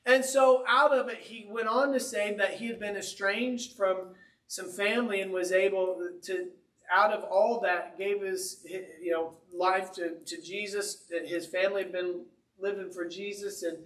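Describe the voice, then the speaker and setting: A man, a pastor, telling a story in a sermon with an animated, conversational, humorous delivery in a church. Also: sits high, measured pace, roomy sound, distant mic. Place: church sanctuary.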